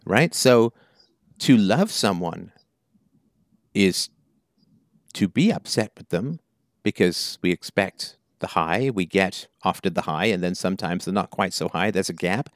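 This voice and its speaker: A man's voice: sits low, lively intonation, measured pace, no echo, studio quality. A man hosting a call-in advice show, questioning a caller bluntly and emphatically. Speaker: call-in show host, philosopher.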